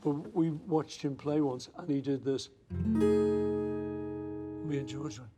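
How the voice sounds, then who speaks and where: A man's voice: a little high, slow, faint music behind. A man in his seventies, an interview guest reminiscing in conversation, telling anecdotes and acting out old quotes. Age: 70s. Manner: anecdotal, acts out quotes with lively asides.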